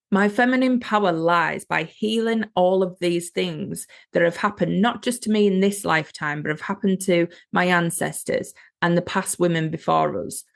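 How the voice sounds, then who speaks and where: A woman's voice: lowish voice, gravelly. A woman hosting a solo podcast, speaking earnestly and motivationally to her listeners as a business coach.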